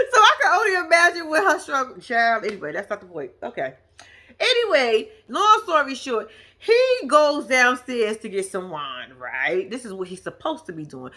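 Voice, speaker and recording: A woman's voice: fairly high pitch, big pitch swings, moderate pace, sharp tone. A woman giving casual, profane reaction commentary on a reality show, with laughing asides.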